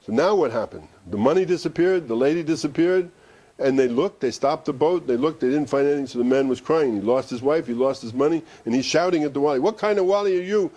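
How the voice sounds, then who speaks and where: Fast-talking, mellow-voiced male teacher. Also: mid-range voice. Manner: conversational, with asides and restarts. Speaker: Sufi teacher. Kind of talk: storytelling discourse. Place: study center.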